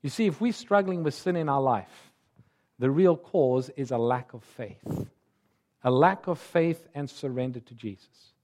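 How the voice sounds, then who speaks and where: A man preaching a sermon in an earnest, emphatic way, slowing down and rising in pitch on key words. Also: a little mellow.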